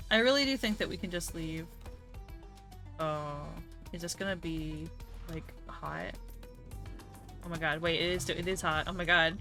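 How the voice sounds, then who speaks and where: Young woman, streamer, casual game chat, swears and laughs, bright forceful tone, faint music behind. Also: lowish voice. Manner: loose, swears freely, laughs often, talks to chat. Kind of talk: casual let's-play chat.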